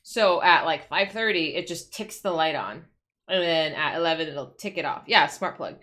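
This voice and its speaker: A woman's voice: deep voice, moderate pace, pushed and bright. A woman streamer chatting casually at home, ranting in exasperation, swearing and restarting her sentences. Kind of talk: casual livestream chat.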